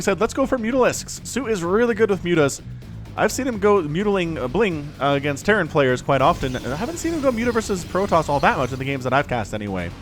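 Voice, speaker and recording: A man casting a strategy video game match on his own, excitable and chatty, laughing often and fighting the hiccups. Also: sits high, quick pace, faint music behind. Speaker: game commentator. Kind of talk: solo esports play-by-play commentary.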